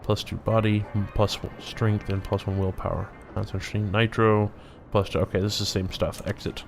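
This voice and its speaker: A man's voice: fairly low pitch, little pitch movement, brisk, creaky, slight background noise. A man hosting a gameplay video, chatting casually and thinking aloud as he plays. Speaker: let's play host. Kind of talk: gameplay commentary. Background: faint music.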